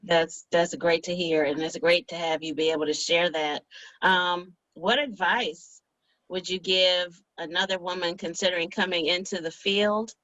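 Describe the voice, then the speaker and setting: A woman interviewer who asks questions and gives warm, affirming replies. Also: fairly low pitch, steady tone, normal speed, no echo, muffled recording. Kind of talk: interview hosting.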